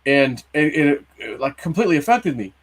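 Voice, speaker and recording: A livestream co-host in his early forties recounts a long personal story casually, rambling with many fillers and restarts. His fairly high voice is sing-song and breathy-edged, and he talks fairly quickly.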